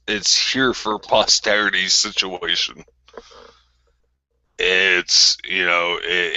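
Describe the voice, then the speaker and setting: A man's voice: sits low, bright, forceful tone, smooth, dry recording, dull audio. A man hosting a group call, bluntly and combatively calling someone out in a repetitive rant. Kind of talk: confrontational ranting callout.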